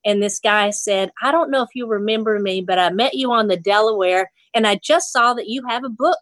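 A woman's voice: mid-range voice, a little fast, a bit bright, dry recording. A woman from Nashville, a fly fishing instructor, telling a fishing story in casual chat, laughing often and acting out the voices she quotes. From Nashville, Tennessee.

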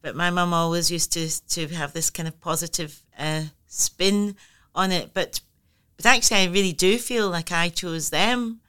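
A woman's voice: on the low side, steady tone, moderate pace, fairly bright tone, clear, resonant tone. A middle-aged woman, a writer being interviewed, speaking thoughtfully and candidly with frequent laughs and restarts. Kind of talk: reflective conversational interview.

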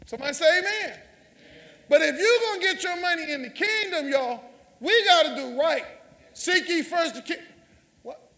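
High-voiced preacher teasing his congregation. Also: lively intonation, normal speed, long pauses, pushed and bright, a little hiss or hum. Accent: Southern US. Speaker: pastor. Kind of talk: sermon. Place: church sanctuary. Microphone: handheld or stage mic.

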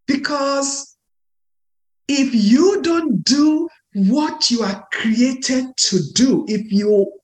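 A woman hosting an interview podcast, talking in an emphatic, encouraging way. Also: a little high. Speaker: podcast host.

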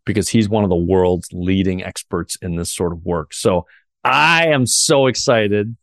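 A man's voice: low voice, measured pace, a bit bright, dry recording, studio quality. A man hosting a podcast interview, telling a personal story earnestly with frequent restarts. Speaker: podcast host.

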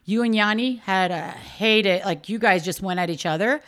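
A woman's voice: mid-range voice, moderate pace. A middle-aged mother chatting as a podcast guest, recalling her kids' childhood with laughter and acted-out quotes. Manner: animated, laughing, acts out quotes. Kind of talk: casual chat.

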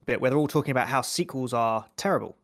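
A man's voice: medium pitch, fast, no echo, studio quality. A man co-hosting a horror film podcast, chatting casually and often acting out what people said. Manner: chatty, slips into mimicking people. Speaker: podcast co-host.

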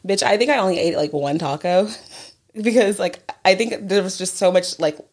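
A young woman talks casually as a podcast co-host. Her voice sits fairly low for a woman, and she rambles with lots of fillers and giggles. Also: moderate pace, a little mellow. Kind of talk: casual chat.

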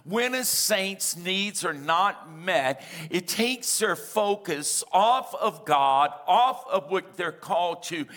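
Bright-voiced energetic male preacher. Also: sits high, slow, few pauses. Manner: energetic preaching with call-and-response questions; humorous asides. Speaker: pastor. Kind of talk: sermon.

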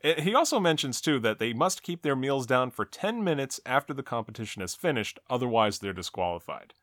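A man's voice: mid-range voice, big pitch swings, fairly quick, fairly bright tone, dry recording. A man hosting a podcast, recapping an episode step by step with dry jokes. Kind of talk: episode recap and casual chat.

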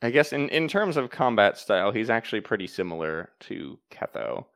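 A man running a tabletop game as game master, explaining rules and narrating in a calm, matter-of-fact way. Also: fairly low pitch, brisk, creaky, no room sound.

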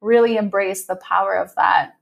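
A woman podcast host in an easygoing interview, her voice sitting at an ordinary middle pitch. She talks in an animated, effusive way, laughs often, and swears casually. Her tone stays loose and chatty. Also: normal speed, gravelly.

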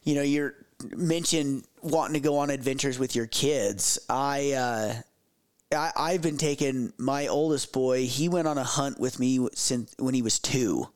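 A man in his thirties chatting casually, halting, with many restarts and repeated words. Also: medium pitch. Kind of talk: casual chat.

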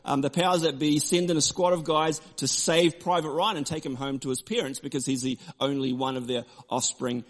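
Male pastor, high voice, emphatic sermon, repeats key lines, shifts to relaxed storytelling. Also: fairly quick, hardly any pauses.

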